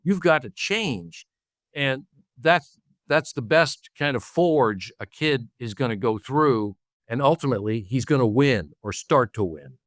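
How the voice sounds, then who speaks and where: A man's voice: mid-range voice, expressive, no echo, clean studio sound. A middle-aged man speaking as an author and guest in an interview, earnest and listing examples. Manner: earnest, lists examples, quick laughs. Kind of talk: interview conversation.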